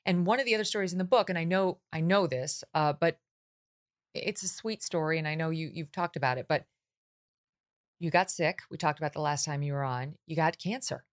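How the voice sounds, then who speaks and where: A woman's voice: deep voice, brisk. A woman hosting an interview, leading into her guest's story with conversational questions and small restarts. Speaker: interview host.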